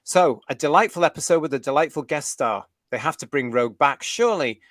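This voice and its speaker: A middle-aged British man co-hosting a fan talk show, blunt and opinionated, reading articles aloud with halting restarts. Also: a little high, animated, fairly bright tone, no room sound, clean studio sound. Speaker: co-host.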